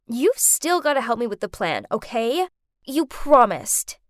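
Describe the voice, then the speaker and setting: A woman's voice: fairly high pitch, big pitch swings, measured pace, no echo, clean studio sound. Woman voicing a snarky rebellious teen girl.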